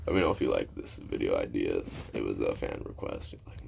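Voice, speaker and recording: Low, gravelly man, rambling casual storyteller, lots of swearing. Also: big pitch swings, brisk, hardly any pauses, very noisy. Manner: rambling, swears, many fillers. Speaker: vlogger.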